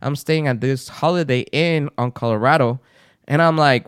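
A man's voice: mid-range voice, moderate pace, clean tone, no echo, studio quality. A man co-hosting a podcast, telling a story in a casual chat and acting out the people in it. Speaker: podcast co-host.

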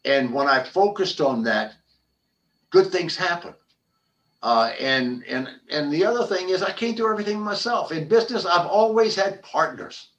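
An older man tells stories in an animated interview, stumbling over restarts and repeated words. His voice sits a little high for a man. He sounds slightly distant from the microphone. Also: moderate pace. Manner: animated storyteller, frequent restarts and repetitions. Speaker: podcast guest, former football player and business founder. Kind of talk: conversational interview storytelling.

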